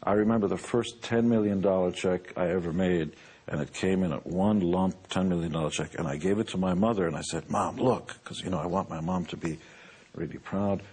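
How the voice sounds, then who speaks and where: A man's voice: low voice, steady tone, a little fast, mellow, breathy edge. A man in his sixties, a musician turned businessman, giving a boastful, joking motivational talk. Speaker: musician and entrepreneur.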